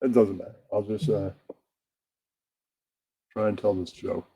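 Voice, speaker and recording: A man's voice: lowish voice, steady tone, measured pace, creaky, mellow, husky. A man hosting a puppet show stream, rambling and chuckling to himself as he sets up scenes. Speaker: host.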